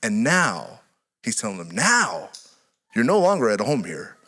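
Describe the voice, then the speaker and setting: A middle-aged pastor preaching with a bright, lively voice that rises high and drops low. His storytelling moves between hushed asides and loud, laughing bursts. The sound rings with the long reverb of a large church hall. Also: a little slow. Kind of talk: sermon.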